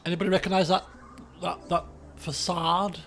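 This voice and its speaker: A man streaming a geography guessing game, chatty and excitable, swearing and breaking into shouts when frustrated. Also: high-pitched, moderate pace, soft background music. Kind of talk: casual live-stream commentary while playing a geography guessing game.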